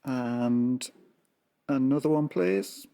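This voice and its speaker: A man's voice: medium pitch, drawn-out words, vocal fry, warm tone, a little hiss or hum. A man competing as a quiz contestant, terse and matter-of-fact. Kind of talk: game show play.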